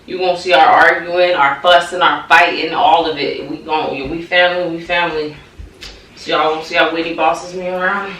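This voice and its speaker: Joking young dad, high voice, roomy room. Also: male voice, little pitch movement, moderate pace, bright, forceful tone. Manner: joking, teasing, talks to the viewers. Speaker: father and vlog co-host. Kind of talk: casual family vlog chat. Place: home nursery room, indoors. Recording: roomy, distant, noisy home video.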